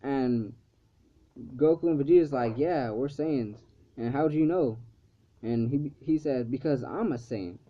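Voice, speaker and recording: A man's voice: medium pitch, a little slow. Rambling man recapping an episode. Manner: rambling, full of "like" and "um", swears freely. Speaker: episode reviewer. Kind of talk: casual recap of a cartoon episode. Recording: slightly dull lo-fi recording.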